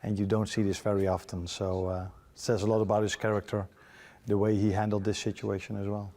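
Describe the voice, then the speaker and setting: A Dutch-accented man, a football manager, answering interview questions in a measured, hesitant way with many pauses. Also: on the low side, little pitch movement, warm tone. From Netherlands. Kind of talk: media interview.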